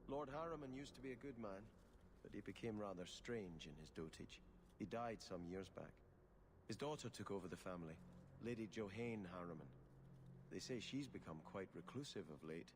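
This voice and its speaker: A man's voice: fairly low pitch, expressive, moderate pace, natural voice. An actor playing a formal, earnest young nobleman archer in a fantasy video game, speaking courteously. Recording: game audio with clear background noise.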